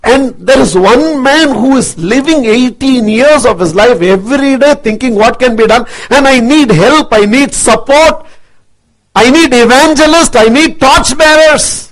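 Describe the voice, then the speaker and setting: A man giving an impassioned, forceful speech to an audience, intense and repetitive in his rhetoric. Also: extremely high pitch, unhurried, low-quality recording. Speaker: motivational speaker.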